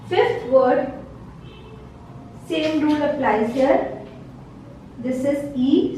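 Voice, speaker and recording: A woman's voice: sits high, animated, slow pace, pauses often, mellow, far from the mic, slight background noise. A woman teaching a beginner French lesson in a patient manner, repeating each word several times. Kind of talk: slow beginner vocabulary lesson. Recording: very echoey room, voice from the mic.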